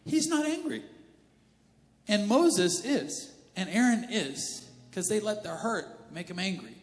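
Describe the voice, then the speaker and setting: A male pastor preaching a sermon in a casual, animated, conversational way. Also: sits high, slow. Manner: conversational and animated, slips into character voices. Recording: reverberant church hall with faint music.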